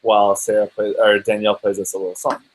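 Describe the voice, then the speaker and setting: A man's voice: lowish voice, little pitch movement, fast talker, slight background noise, rough recording. A man hosting a live stream, upbeat and joking as he directs his guests. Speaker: host.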